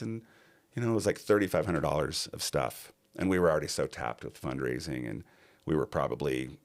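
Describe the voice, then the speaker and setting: A man's voice: extremely low pitch, brisk, creaky. A middle-aged man, a podcast guest, telling a personal story in earnest and acting out other people's lines.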